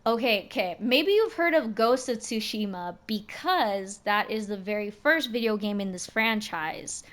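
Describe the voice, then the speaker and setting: A young adult woman streaming a game and chatting casually, expressive and slangy, swearing freely. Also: mid-range voice, a little slow. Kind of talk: casual chat while gaming.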